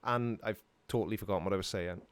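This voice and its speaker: A man's voice: deep voice, fast talker, heavy background noise. A middle-aged Welsh man hosting a casual live stream, rambling and joking while answering chat questions from his home studio. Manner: rambling and jokey, laughs often.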